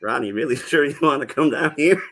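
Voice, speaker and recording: A man chatting as a guest on a casual live stream, bantering slowly with laughs. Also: medium pitch, fairly bright tone.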